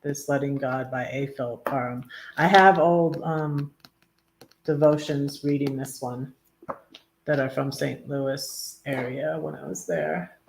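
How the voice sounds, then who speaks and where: A woman hosting a casual live stream, chatting with many ums and restarts and reading her own poems in a soft, tender way. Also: rumbling low, fairly even intonation, takes it slowly, slight background noise. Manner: rambling, lots of ums and restarts. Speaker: livestream host reading poetry and devotions.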